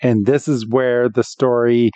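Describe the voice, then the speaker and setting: A man's voice: mid-range voice, level tone, measured pace, dark tone, no room sound, muffled recording. A man co-hosting a podcast, retelling an episode in casual chat with lots of ums and restarts. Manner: retells scenes with acted quotes, many ums and restarts. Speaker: podcast co-host.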